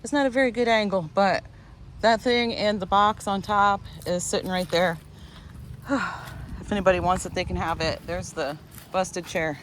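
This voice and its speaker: A woman's voice: mid-range voice, fairly even intonation, normal speed, a little hiss or hum. A middle-aged woman chatting casually to her viewers as she works at a storage unit, rambling and correcting herself as she goes. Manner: rambling, self-correcting, talks to viewers while working. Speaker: lifestyle vlogger. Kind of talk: casual chatty vlog narration.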